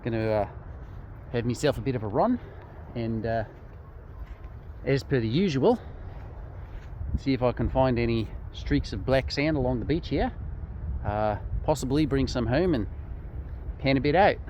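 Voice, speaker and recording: A playful mock-Australian twin brother, put on by a man, rambling easily with loose fillers. The voice sits at an ordinary middle pitch, with a faint hiss of outdoor noise underneath. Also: normal speed, long pauses, a little mellow, lightly acted. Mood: jokey. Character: joking Aussie man, the host's made-up twin brother.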